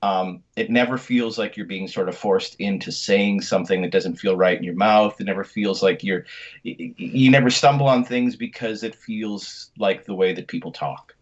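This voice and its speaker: A man's voice: fairly low pitch, moderate pace, dull audio. A man, an actor, chatting casually in an interview, full of filler words.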